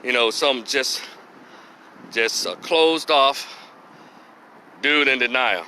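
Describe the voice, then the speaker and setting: A man telling a personal story, animated, laughing and acting out the voices of the people in it. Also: medium pitch, takes it slowly, pauses often, a little hiss or hum. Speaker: vlogger. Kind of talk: casual storytelling vlog.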